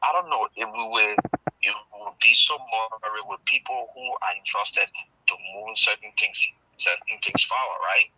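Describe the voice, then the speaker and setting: A man calling in by phone to a radio show, speaking in a measured, earnest way. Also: lowish voice, big pitch swings, bright, forceful tone, husky, no room sound. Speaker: caller. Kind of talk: phone-in comment. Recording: dull muffled phone line.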